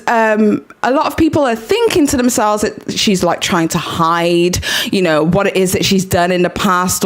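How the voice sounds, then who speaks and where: A woman hosting a commentary channel and talking casually, with frequent fillers and restarts. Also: mid-range voice.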